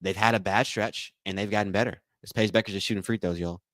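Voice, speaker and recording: A man hosting a live watch-along stream, calling plays, thanking donors, and repeating himself with excitement. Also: lowish voice, fast talker, no echo. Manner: excitable, repeats phrases, says y'all a lot. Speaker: livestream watch-along host. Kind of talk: live game commentary and chat.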